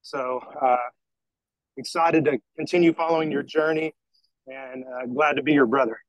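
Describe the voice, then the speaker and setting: A man's voice: medium pitch, fairly even intonation, normal speed, no echo, highs cut off. A man in a group call praising a squad mate in an admiring, easygoing way. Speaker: squad member.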